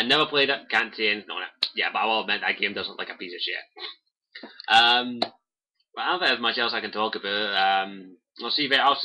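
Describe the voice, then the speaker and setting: Bright-voiced young Scottish man rambling. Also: on the low side, low-quality recording. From Scotland. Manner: rambling, swears freely, many fillers. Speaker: livestreamer. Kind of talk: casual livestream chat. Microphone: cheap desk mic by keyboard.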